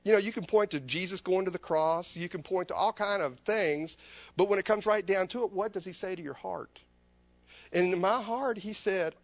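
A man's voice: sits high, moderate pace, dry recording. A man preaching a sermon as a personal testimony, earnest and confessional, often repeating his phrases.

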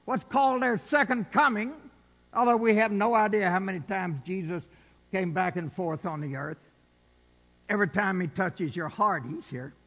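A man preaching a sermon emphatically, his voice swelling to shouted peaks. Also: sits high, muffled recording. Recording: long hall reverb.

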